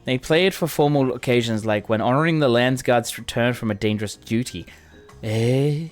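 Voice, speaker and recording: A man's voice: medium pitch, moderate pace, soft background music, natural voice. A man voicing a boisterous young woman warrior in a game, telling a story in a chatty way.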